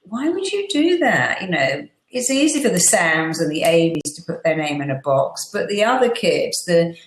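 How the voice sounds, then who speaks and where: A middle-aged woman, chatting as an interview guest and acting out quotes with lively storytelling. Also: on the low side, normal speed, roomy sound, poor audio. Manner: animated storyteller, acts out quotes. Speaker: guest therapist. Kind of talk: casual interview chat.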